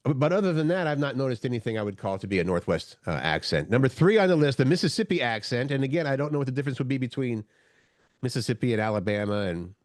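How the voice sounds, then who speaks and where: A man's voice: mid-range voice, sing-song, fast talker, dry recording, studio quality. A man co-hosting a morning show, chatting casually and searching for his words as he rambles along. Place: radio studio.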